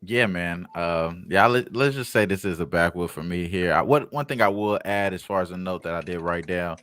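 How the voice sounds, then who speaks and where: A man with a very deep voice reads off betting notes in an easygoing, slangy way with many pauses. The sound is dry and close. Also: a bit bright, no echo. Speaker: sports betting panelist. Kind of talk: casual sports betting talk.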